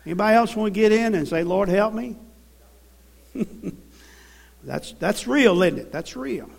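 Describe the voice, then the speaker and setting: Man, southern us accent, very high voice, folksy sermon, church congregation. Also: lively intonation, a little slow, vocal fry. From American South. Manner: folksy storytelling with call-and-response. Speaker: preacher.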